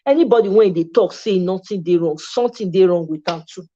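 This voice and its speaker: A woman's voice: fairly low pitch, brisk, warm tone, dull audio. A Nigerian woman hosting a casual livestream talk, speaking passionately and switching between English and Pidgin. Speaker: host.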